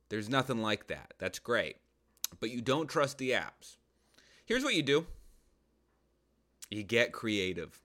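A man answering listener questions on a comedy podcast, giving absurd advice in a deadpan way with mumbled asides. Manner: absurd deadpan advice, muttered asides, sudden falsetto jokes. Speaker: personal trainer.

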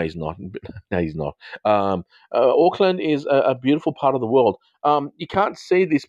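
A man in his fifties hosting a live stream, chatting casually with viewers in a rambling way and quick to laugh. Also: medium pitch, no echo, dull audio. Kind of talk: casual live chat reading viewer comments.

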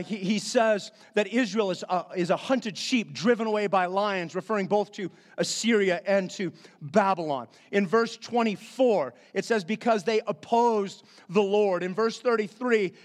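A man's voice: high-pitched, a little slow, in a large hall. A middle-aged man preaching a sermon as pastor, earnest and emphatic, repeating key phrases for stress.

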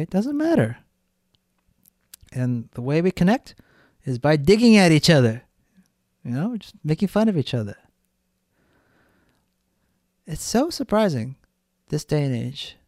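A man's voice: fairly high pitch, big pitch swings, moderate pace, pauses often, darkish tone, dry recording, studio quality. A man hosting a solo podcast, talking bluntly and ranting with frequent swearing. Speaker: podcast host.

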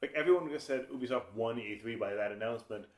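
A man in a casual game chat, quick to push back and argue his point. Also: medium pitch, roomy sound. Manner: argumentative, quick to object. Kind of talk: casual group chat about video games.

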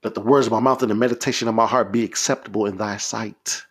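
A man's voice: on the low side, steady tone, fast, breathy edge. A man preaching a podcast sermon, leading prayers in a fervent, repetitive, exhorting way.

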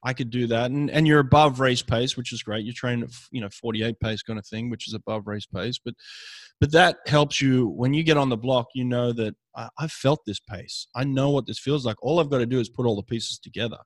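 A man's voice: medium pitch, a little fast, dry recording. A man hosting an interview, friendly and teasing, often calling his guest "mate". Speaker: interviewer, host. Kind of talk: casual interview. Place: lives in Los Angeles.

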